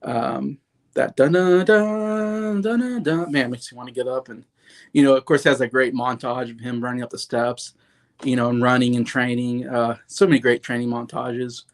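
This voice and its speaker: A man's voice: mid-range voice, monotone, normal speed. A man in his thirties talking casually about favorite films, rambling with lots of "like" and "you know" and gushing with enthusiasm. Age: 30s. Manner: enthusiastic, openly sentimental. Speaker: movie reviewer. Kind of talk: casual movie commentary.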